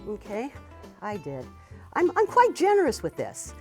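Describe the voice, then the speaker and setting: A woman's voice: mid-range voice, huge pitch swings, a little slow, dark tone, soft background music. A woman hosting a cooking demonstration, chatting to a student and using "wee" and "you know" as she goes. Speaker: cooking teacher and show host.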